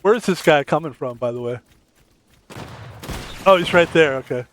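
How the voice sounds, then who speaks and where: A man's voice: a little high, moderate pace, a bit bright, a little hiss or hum. A man streaming a game, rambling in casual commentary with crude, joking asides.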